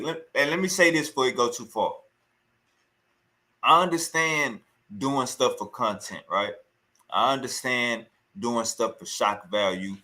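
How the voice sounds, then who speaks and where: Pushed and bright, a medium-pitched male voice rants scornfully in casual commentary on a clip. He gets heated and keeps repeating himself.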